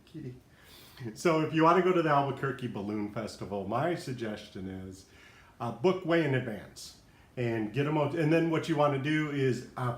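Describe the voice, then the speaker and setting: A man hosting a casual live stream from home, out of breath, chatty and laughing often as he rambles. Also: medium pitch. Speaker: livestream host. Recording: echoey room.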